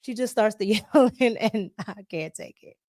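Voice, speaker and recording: A woman hosting a casual political commentary vlog, talking in an animated way with frequent laughter and emphatic tag questions. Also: mid-range voice, normal speed, dry recording, studio quality. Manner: animated, laughing often, emphatic "okay?" tags.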